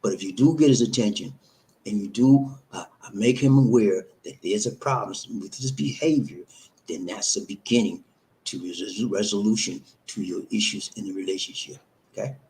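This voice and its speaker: A man's voice: fairly low pitch, moderate pace, darkish tone, low-quality recording. A man hosting a live stream, giving relationship advice in an emphatic, repetitive, preacher-like cadence. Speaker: host.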